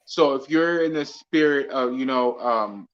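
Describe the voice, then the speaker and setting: A man chatting casually and animatedly, jumping into excited retellings. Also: medium pitch, measured pace, lo-fi sound. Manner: animated, bursts into exclaimed retellings. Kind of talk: casual chat.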